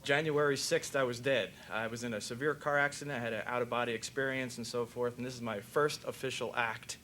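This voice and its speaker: A man's voice: medium pitch, steady tone, fairly quick, sharp tone, a little hiss or hum. An older man, a veterinarian, giving a rambling, jokey conference lecture.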